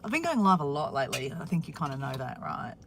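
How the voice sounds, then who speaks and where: A woman's voice: low-pitched, sing-song, fast, fairly bright tone, slight background noise. A woman with an Australian accent chatting casually on a live stream from her car, greeting viewers by name.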